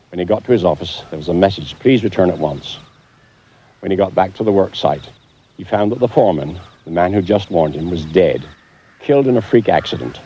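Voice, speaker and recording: Documentary presenter, man, very low dark husky voice, calm and dry. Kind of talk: measured storytelling to camera. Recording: slightly dull documentary audio.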